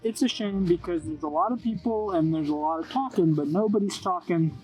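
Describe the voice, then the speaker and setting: High-voiced guy doing a deadpan fake interview, earnest and rambly, lots of ums. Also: faint music behind, low-quality recording. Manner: earnest, halting, rambling with many fillers.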